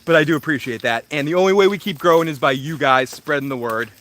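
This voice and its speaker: A man's voice: a little high, fast, fairly bright tone. A man in his thirties hosting a casual livestream from home, rambling and self-deprecating, swearing freely and laughing often while he reads viewer comments. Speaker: livestream host.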